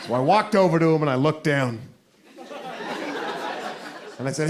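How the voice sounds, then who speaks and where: Animated American man on a stand-up stage. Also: on the high side, moderate pace, long pauses. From United States. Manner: animated storytelling. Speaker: stand-up comedian. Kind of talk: stand-up comedy set. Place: live comedy venue. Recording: noisy live crowd laughter.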